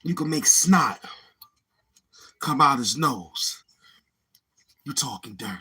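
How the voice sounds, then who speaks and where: Slow, husky man laughing through a livestream. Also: medium pitch, animated, pushed and bright. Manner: breaks into long fits of helpless laughter. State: laughing to tears, short of breath. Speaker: livestream host. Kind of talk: casual livestream chat.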